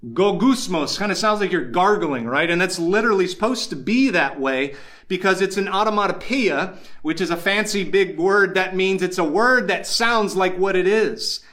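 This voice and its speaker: High-voiced male pastor preaching. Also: expressive, sharp tone. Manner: earnest preaching with emphatic slowed phrases. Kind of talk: sermon.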